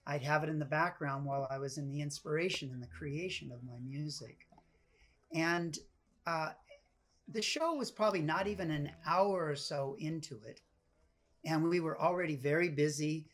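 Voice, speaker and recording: Woman telling an animated story. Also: sits low. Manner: animated, acts out quoted voices. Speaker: guest storyteller. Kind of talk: casual storytelling interview.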